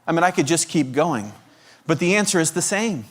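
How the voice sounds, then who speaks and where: A guest preacher delivers a sermon, firing off repeated rhetorical questions and stumbling over restarts and stammered repetitions as he presses his point. His voice is on the high side, with lively intonation and a moderate pace.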